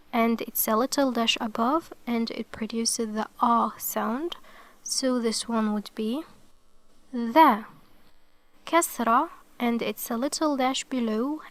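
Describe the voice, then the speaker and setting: Woman teaching arabic letters to beginners, slow careful talk, kinda high voice, dry close sound. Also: no echo. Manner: patient, explains step by step, many "okay"s. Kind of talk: beginner alphabet lesson.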